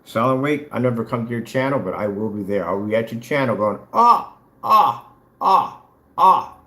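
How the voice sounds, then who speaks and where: A man's voice: lowish voice, fast. A man hosting a trash-talking challenge vlog who taunts his rivals and boasts about his paint product. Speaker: vlogger selling paint products. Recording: echoey room.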